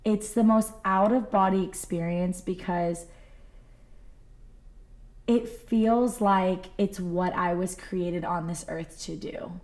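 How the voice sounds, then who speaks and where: A woman's voice: on the low side, slow, darkish tone. A young adult woman, a singer guest on a podcast, talking earnestly and from the heart with lots of "like" fillers. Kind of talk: casual podcast chat.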